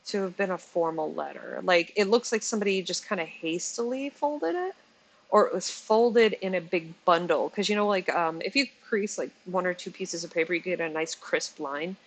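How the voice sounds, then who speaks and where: A woman's voice: lowish voice, moderate pace, rough recording. A woman in her forties giving a casual commentary vlog, chatty and exasperated, often laughing and correcting herself as she stumbles over words. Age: 40s. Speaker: commentary channel host.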